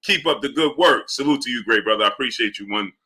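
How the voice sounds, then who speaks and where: Animated bright-voiced male boxing streamer. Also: quick pace, slightly rough. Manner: animated, repeats "right?" and "you understand?"; low mumbled shout-outs to viewers. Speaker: livestream host. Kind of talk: live boxing commentary and chat shout-outs.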